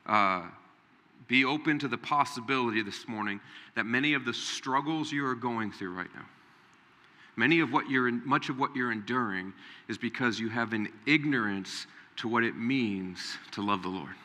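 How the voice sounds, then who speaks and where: A man preaching a Sunday sermon with a very bright, forceful voice. He talks straight to the congregation and jumps into a higher voice to act out Bible figures. His voice rings with the long reverb of a large hall. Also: moderate pace. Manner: animated, acts out Bible figures in raised voice. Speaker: pastor.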